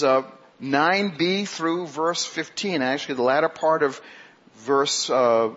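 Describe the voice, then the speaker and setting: A male pastor preaching a sermon, who asks the congregation questions and slows down to stress key phrases. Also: a little high, fairly bright tone, slightly rough. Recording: dull lo-fi sermon recording.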